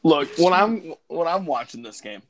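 A man's voice: fairly high pitch, lively intonation, normal speed, crowd noise. Joking podcast co-host, a man. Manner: joking, emphatic, trash-talking. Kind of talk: casual sports chat.

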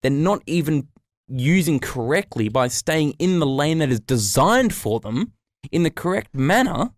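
A man's voice: on the high side, very animated, measured pace, dry recording, clean studio sound. A man, co-hosting a casual podcast and telling a sweary, ranting story. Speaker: podcast co-host. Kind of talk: casual chat.

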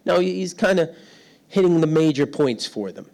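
A self-mocking pastor preaching. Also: male voice, fairly high pitch, normal speed, a little mellow. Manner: storytelling, self-deprecating, laughs often. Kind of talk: sermon. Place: church hall without windows.

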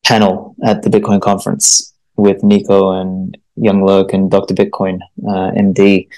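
Low-voiced Australian man musing at length. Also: completely flat delivery, unhurried, darkish tone, rough recording. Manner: rambling, thoughtful, with many fillers and restarts. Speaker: guest author. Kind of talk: casual podcast interview.

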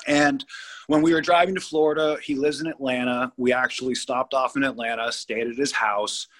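A man's voice: mid-range voice, fairly even intonation, moderate pace, a bit bright. A man in his thirties from California, a guest telling a story in an interview, rambling and emphatic with many restarts. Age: 30s.

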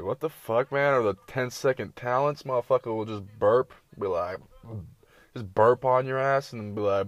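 A man's voice: mid-range voice, moderate pace, no echo, lo-fi sound. A man giving casual, rambling reaction commentary, full of profanity and slang. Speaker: streamer reacting to videos.

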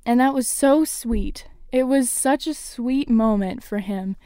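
A woman's voice: fairly high pitch, measured pace, hardly any pauses, warm tone, clean tone, dry recording, studio quality. A young woman casually recapping a TV episode, gushing and laughing often, with lots of fillers. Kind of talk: casual solo recap chat.

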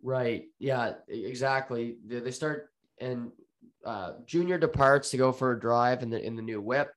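A man's voice: medium pitch, normal speed. A man co-hosting a casual podcast, retelling a TV episode in an easygoing storytelling way. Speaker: podcast co-host. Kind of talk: casual chat recapping a TV episode.

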